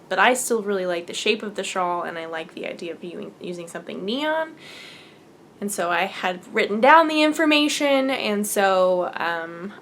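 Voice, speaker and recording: A woman hosting a chatty podcast, gushing with excitement and often slipping down to a near whisper. Her voice sits at a middling pitch. A faint background hiss runs under it. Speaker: podcast host. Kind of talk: casual podcast chat showing yarn to camera.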